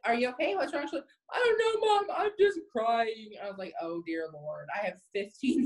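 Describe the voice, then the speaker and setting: A woman's voice: medium pitch, poor audio. A woman in her thirties, a sales team leader, giving a chatty, casual live-stream pep talk and reading viewer comments aloud.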